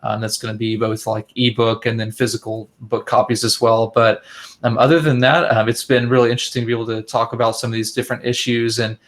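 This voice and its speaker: A man giving measured, earnest interview answers as a guest investigator, with fillers and restarts. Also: mid-range voice, little pitch movement.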